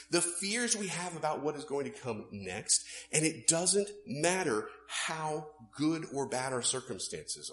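Animated male preacher with a lively voice. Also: a little high, slight background noise. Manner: animated, swinging between loud emphasis and hushed asides. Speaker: pastor. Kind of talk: sermon.

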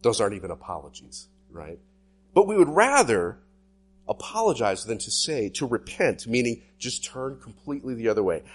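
Husky-voiced man preaching animatedly. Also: normal speed. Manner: animated preaching, sweeping pitch swings. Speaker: pastor. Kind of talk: sermon.

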